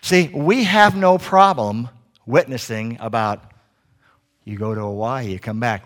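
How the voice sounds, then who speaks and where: Guy preaching, mid-pitch voice, acts out little scenes, jokes w the crowd. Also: very animated, moderate pace. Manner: jokey with the congregation. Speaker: guest preacher. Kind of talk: sermon.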